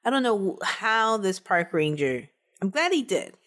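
A woman's voice: medium pitch, sing-song, unhurried, a bit bright. A woman co-hosting a podcast, telling a true-crime case in a casual, chatty way and laughing between the facts.

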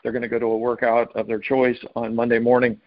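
A man's voice: mid-range voice, monotone, quick pace, dry recording. Upbeat man hosting, lo-fi audio. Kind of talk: casual podcast chat.

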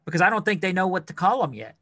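A man's voice: high-pitched, very animated, rapid-fire, pushed and bright, no echo, studio quality. A man co-hosting a podcast, talking loosely and casually with plenty of fillers. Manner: loose, filler-heavy talk. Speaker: podcast co-host.

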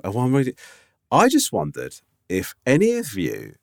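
A man's voice: mid-range voice, huge pitch swings, normal speed, creaky, no echo, clean studio sound. A man co-hosting a podcast, teasing and self-deprecating, who reads out listener emails. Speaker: podcast co-host. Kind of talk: casual chat, reading listener emails.

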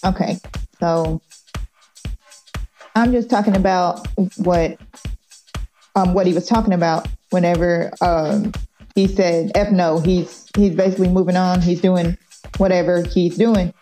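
A woman co-hosting a casual sports chat in a low, mellow voice. She talks very slowly and in a measured, agreeable way, with faint music behind her. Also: steady tone. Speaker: co-host.

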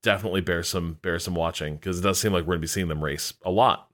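A man with a low voice co-hosts a podcast. He reads listener mail aloud and then chats with plenty of hesitation. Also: fairly even intonation, fairly bright tone. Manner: hesitant, halting. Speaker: podcast co-host. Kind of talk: reading listener mail, casual chat.

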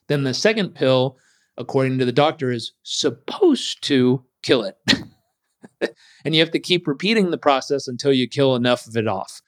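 A man telling a personal story as an interview guest, animated and acting out what others said. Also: mid-range voice, moderate pace, no room sound, clean studio sound.

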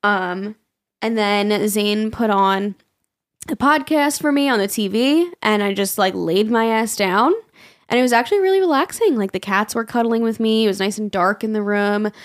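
Young adult woman, podcast co-host. Casual storyteller with an average pitch who swears freely. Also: expressive, moderate pace. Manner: chatty storytelling, frequent swearing and laughing. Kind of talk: casual chat.

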